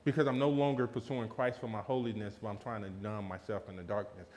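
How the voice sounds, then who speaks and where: A man preaching a lively sermon, telling a personal story and acting out quotes with laughter. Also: fairly low pitch, quick pace, slight background noise. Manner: animated, laughing, acts out quotes in a raised voice.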